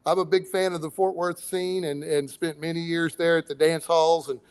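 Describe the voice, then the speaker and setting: A man's voice: fairly high pitch, flat delivery, moderate pace, clean tone. Modest, easygoing male musician guest. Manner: modest, easygoing, laughs often. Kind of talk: interview talk.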